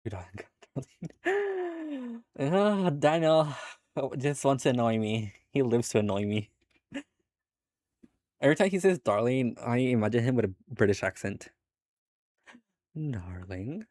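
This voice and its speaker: A man's voice: medium pitch, expressive, a little fast, darkish tone, no room sound, clean studio sound. A young adult man streaming from home, chatting casually with his viewers in a laid-back way, laughing often and swearing now and then. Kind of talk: casual chat with live viewers.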